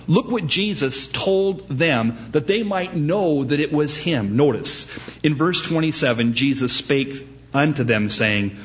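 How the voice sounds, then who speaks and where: A man preaching a sermon as pastor, animated and acting out the voices he quotes. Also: mid-range voice, dull audio.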